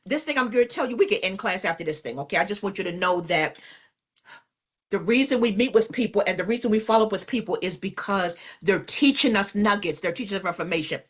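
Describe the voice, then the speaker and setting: A woman's voice: mid-range voice, quick pace, husky. A woman trainer giving a live business workshop, telling stories with emphasis, repeating phrases and speaking directly to the class. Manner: animated, emphatic storyteller addressing the class.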